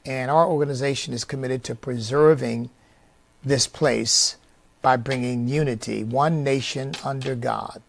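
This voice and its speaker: A man who leads a conservative organization, giving an earnest, preacher-like speech that asks for support, with many pauses and fillers. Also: mid-range voice, steady tone, vocal fry.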